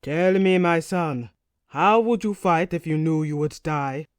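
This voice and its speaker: A woman voicing a male Viking oarsman with a Swedish accent, growling and loud. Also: low voice, a little slow, no room sound, studio quality. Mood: chanting.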